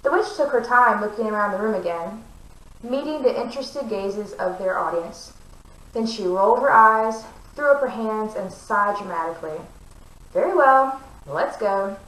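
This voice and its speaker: A woman reading a romantic fantasy novel aloud, with clear, expressive narration. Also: medium pitch, moderate pace, roomy sound, recorded from a distance, low-quality recording. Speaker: book reader.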